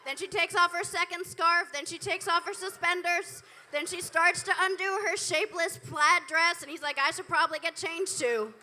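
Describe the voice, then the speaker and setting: A woman doing stand-up on a club stage, her voice very high and sharply bright. She tells stories into a handheld mic with dry, profane asides tossed to the crowd. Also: steady tone, moderate pace, hardly any pauses. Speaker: stand-up comedian. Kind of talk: live stand-up set. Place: comedy club stage, indoors.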